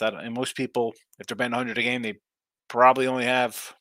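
A man's voice: mid-range voice, level tone, fast, bright, forceful tone, no echo. Tired, rambling man hosting a betting stream. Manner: loose, rambling, reads chat aloud. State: tired, yawning. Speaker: sports betting picks host. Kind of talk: casual live-stream chat.

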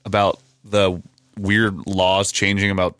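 A man hosting a casual podcast chat, animated and swearing, tossing out quick asides. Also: low-pitched, clean tone, no echo. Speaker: podcast host.

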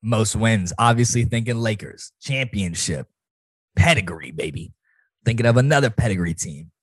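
A man co-hosting a casual sports podcast, talking in loud, swaggering banter full of slang. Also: lowish voice, lively intonation, moderate pace, breathy edge, no room sound, clean studio sound. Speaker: podcast co-host.

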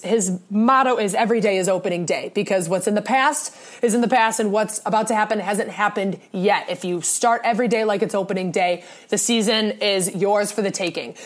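A young woman co-hosting a sports podcast, talking in an earnest, rambling way with many restarts. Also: medium pitch. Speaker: podcast co-host. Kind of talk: casual sports podcast talk.

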